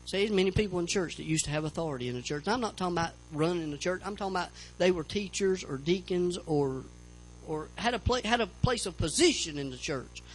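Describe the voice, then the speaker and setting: A man's voice: sits high, lively intonation, quick pace, soft background music, poor audio. A man preaching a sermon as pastor, fervent, repeating phrases and calling out to the church for amens.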